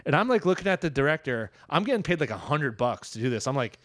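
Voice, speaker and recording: Guy w a higher voice telling a long story, cusses a ton, dead dry mic. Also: very animated, fast talker, few pauses, fairly bright tone, no room sound. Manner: rambling storyteller, swears freely. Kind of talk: casual chat.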